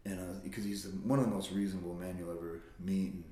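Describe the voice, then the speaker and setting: A man in casual conversation, telling stories about his childhood. He swears freely and breaks into high-pitched impressions of family members. His voice carries a roomy echo. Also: steady tone, fast talker, mellow.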